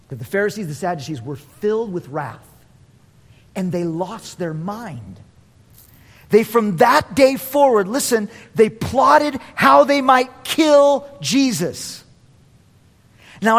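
A man preaching a sermon as pastor, animated, acting out quotes in voices and laughing often. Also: high-pitched, normal speed. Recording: long reverb of a large hall.

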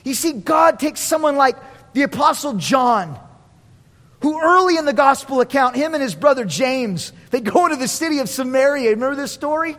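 A man preaching a sermon as pastor, animated, acting out quotes in voices and laughing often. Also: very high voice, normal speed. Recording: long reverb of a large hall.

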